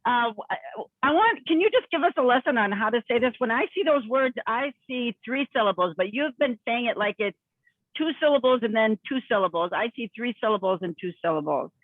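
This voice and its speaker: A woman host speaks over a tinny, dry, phone-like line, thanking her guest effusively and stumbling through halting restarts. Her voice is mid-pitched. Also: animated, dry recording. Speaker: interview host. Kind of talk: community access interview.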